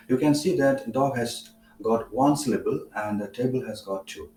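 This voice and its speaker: A man with an Indian English accent giving a spoken English lesson, explaining in a measured way with many "uh" fillers. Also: mid-range voice, warm tone, reverberant, distant mic, a little hiss or hum, low-quality recording. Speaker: English teacher.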